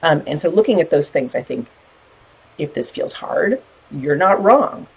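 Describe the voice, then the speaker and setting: A woman's voice: low-pitched, big pitch swings, measured pace, husky, low-quality recording. A middle-aged woman hosting a book club live stream, chatting in an encouraging way and reading out viewer comments. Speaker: podcast host leading a book club. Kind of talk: casual live-stream talk to a group.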